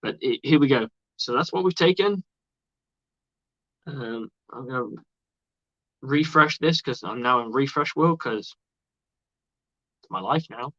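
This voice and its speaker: A man's voice: medium pitch, expressive, a little slow, pauses often, sharp tone, dry recording. Rambling, swearing male streamer, lo-fi. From outside the United States. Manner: rambling and chatty, swears freely. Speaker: livestream host. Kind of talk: casual live sports commentary. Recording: dull lo-fi dry sound.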